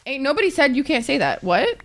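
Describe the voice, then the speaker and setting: High-pitched, emotional woman streamer. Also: big pitch swings, fast, noisy background. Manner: gushing, emotional, swears freely. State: teary, crying. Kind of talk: casual live-stream chat. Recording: music playing behind. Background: background music.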